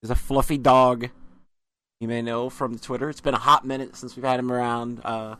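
A man's voice: mid-range voice, level tone, sharp tone, smooth, no room sound. Stammering man hosting a podcast. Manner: halting, stammering, repeating words. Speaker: podcast host. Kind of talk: casual podcast sign-off.

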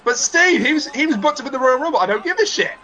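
A man's voice: extremely high pitch, expressive, quick pace, pushed and bright. A man hosting a casual wrestling watch-along, with wry, knowing asides.

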